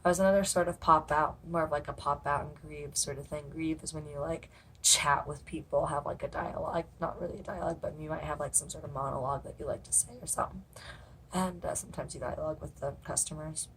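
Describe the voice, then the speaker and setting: Rambling, cussing woman with a lowish voice. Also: fairly even intonation, quick pace, a bit bright, a little hiss or hum. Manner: rambling, swears freely, lots of fillers. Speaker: haunted house actor. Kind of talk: casual storytelling vlog.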